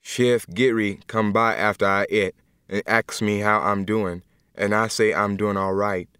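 A man reading an audiobook as a humble, gentle young man in jail, speaking slowly and earnestly in plain dialect. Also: fairly low pitch, steady tone, smooth, dry recording, clean studio sound. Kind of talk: audiobook first-person reading.

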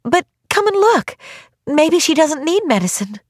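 A woman's voice: sits high, sing-song, a little slow, dry recording, studio quality, pitched above the performer's own voice. A woman voicing an anxious, earnest young girl. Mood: urgent.

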